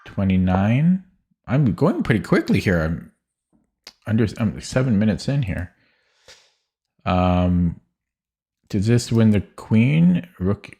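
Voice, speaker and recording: A young man with a deep voice talks slowly through chess puzzles at his desk. He mutters, hesitates and corrects himself often as he thinks aloud. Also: big pitch swings, dark tone, breathy edge. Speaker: chess streamer.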